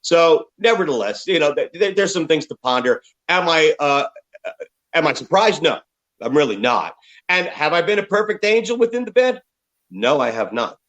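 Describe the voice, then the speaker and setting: On a low-quality recording, a man with a slightly high voice talks at normal speed. He's an American rock musician in his fifties, appearing as an interview guest and telling candid, profane stories in an animated way.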